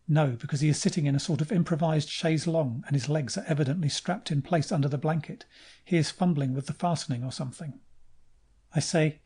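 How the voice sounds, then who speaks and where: A man narrating a science fiction audiobook in the first person, in a steady, measured way. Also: a little high, husky.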